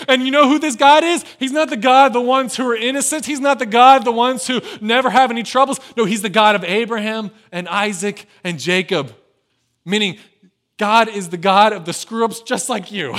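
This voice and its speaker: Male pastor, higher voice, lively sermon delivery with quiet-to-loud swings. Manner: animated preaching, acts out quoted voices, swings from soft to loud.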